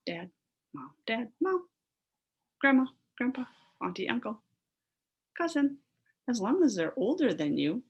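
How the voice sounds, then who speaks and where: A woman's voice: medium pitch, breathy edge, low-quality recording. A woman teacher leading a phonics lesson for young children, sounding out word parts, blending them and praising the class in a sing-song way. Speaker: elementary school teacher.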